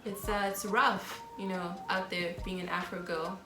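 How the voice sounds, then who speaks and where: A woman from South Africa chats in an expressive, playful manner. Her voice rings in an echoey room. Music is clearly heard behind her. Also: on the low side, normal speed. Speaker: guest vlogger. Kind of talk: casual chat.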